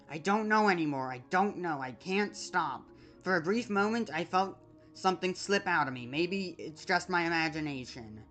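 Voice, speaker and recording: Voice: mid-range voice, fairly bright tone. A streamer voicing a desperate female android from a video game, reading the dialogue aloud and stumbling over words, with faint game music behind. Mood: despairing. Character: desperate female android pleading, then despairing.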